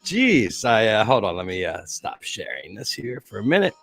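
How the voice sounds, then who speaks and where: A man's voice: lowish voice, very animated, normal speed, creaky, fairly bright tone, soft background music. A man hosting a casual livestream show, rambling and emotional, choked up and teary, with many fillers and restarts. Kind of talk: casual livestream sign-off chat. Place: home.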